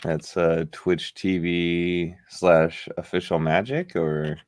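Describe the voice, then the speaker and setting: A man's voice: low voice, flat delivery, takes it slowly, no echo. A man co-hosting a live stream, laid-back and joking, with short replies. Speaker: co-host. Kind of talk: casual live-stream chat.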